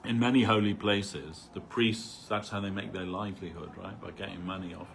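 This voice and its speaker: A man's voice: deep voice, fairly even intonation, normal speed, gravelly, a bit bright, slight background noise. A man giving an informal spiritual talk at a temple gathering, rambling conversationally and peppering his stories with "you know".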